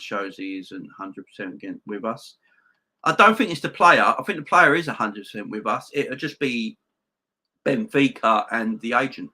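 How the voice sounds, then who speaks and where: A man's voice: medium pitch, sharp tone. A man hosting a football fan live stream, reading viewer comments. He talks emphatically, repeats his points and calls his viewers "guys". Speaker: host of a football fan channel.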